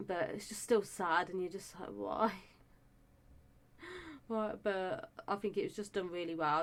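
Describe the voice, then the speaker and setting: A young woman chatting casually and enthusiastically about a show she reviews, with lots of fillers and restarts. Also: on the low side.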